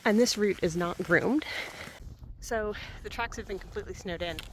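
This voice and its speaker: A woman's voice: medium pitch, normal speed, rough recording. A woman films herself on a snowy trail and talks casually to the camera. She sounds winded, laughs a lot and pads her speech with fillers. Faint wind noise runs under her voice. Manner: chatty and upbeat, laughing often, many fillers. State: out of breath from skiing. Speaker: solo backcountry skier filming herself. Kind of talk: casual vlog narration. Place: outdoors on a snowy mountain trail.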